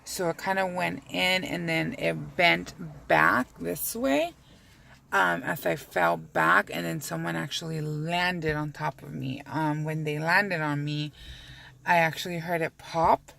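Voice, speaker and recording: A woman's voice: low voice, fairly even intonation, a little slow, vocal fry, sharp tone, a little hiss or hum. A woman vlogging from inside her car in a rambling, candid way, swearing freely as she talks. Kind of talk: casual chat to camera.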